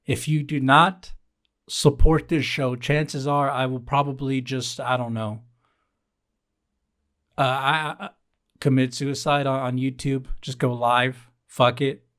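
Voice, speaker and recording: A young man hosts his own show in a rambling solo monologue, sardonic and exasperated by turns. He swears freely and hammers the same line twice for effect. His voice sits in an ordinary middle pitch. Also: fairly even intonation, takes it slowly, long pauses, a bit bright. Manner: sardonic, exasperated rants with mock-pleading asides; profane, repeats lines for emphasis. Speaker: podcast host.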